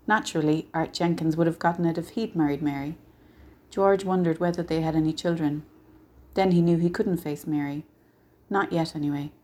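A woman narrating a story in a steady, measured way. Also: fairly low pitch.

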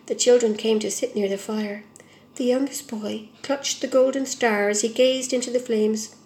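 Woman gently reading a storybook. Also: fairly high pitch, fairly even intonation, moderate pace, echoey room.

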